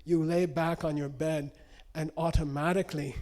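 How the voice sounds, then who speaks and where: A man teaching meditation to an audience, telling stories in an animated way and checking in with frequent questions. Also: on the high side, normal speed. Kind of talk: spoken teaching with anecdotes.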